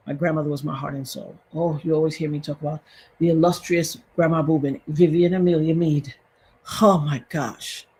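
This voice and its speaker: Low-pitched, mellow and slightly rough, this woman's voice moves at a moderate pace with fairly even intonation. She's a livestream host in her fifties, addressing viewers directly while recounting a personal story emotionally and repetitively.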